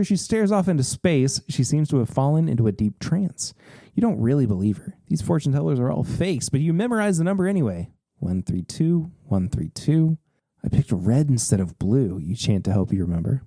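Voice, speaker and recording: A man hosting a podcast, reading a gamebook aloud in a lively, expressive way. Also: mid-range voice, dry recording. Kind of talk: animated story reading.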